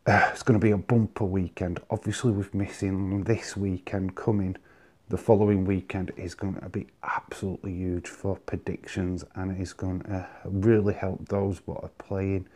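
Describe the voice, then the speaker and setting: A man's voice: low voice, little pitch movement, normal speed, darkish tone. A man hosting his own vlog, chatting casually and confidently giving his predictions. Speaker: wrestling vlog host. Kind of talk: casual solo commentary.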